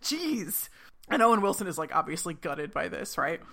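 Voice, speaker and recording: A woman's voice: fairly low pitch, sing-song, normal speed, creaky, fairly bright tone. A woman in her thirties co-hosting a casual show recap, chatty and retelling scenes in playful quoted voices. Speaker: podcast co-host recapping a TV episode.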